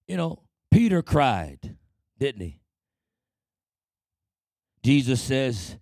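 A man's voice: medium pitch, sing-song, extremely slow, gravelly, long pauses, darkish tone, dry recording. A man preaching a sermon with passion, often acting out prayers and quoted voices. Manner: impassioned, acts out prayers and quotes in shifting voices.

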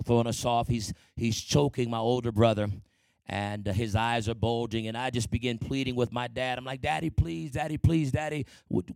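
Gravelly man giving a church testimony. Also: mid-range voice, dry recording. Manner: conversational storytelling with frequent calls for amen. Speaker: speaker sharing his testimony.

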